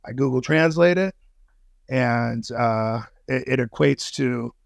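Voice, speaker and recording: A man's voice: mid-range voice, slow, vocal fry, no echo. A man as a podcast guest in casual interview chat, slangy and profane, with many fillers and restarts. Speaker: podcast guest, intelligence analyst.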